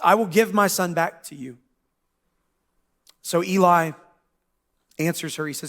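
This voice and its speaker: High-voiced man preaching casually. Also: fairly bright tone. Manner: casual, joking preacher with quick asides. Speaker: pastor. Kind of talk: sermon. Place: church.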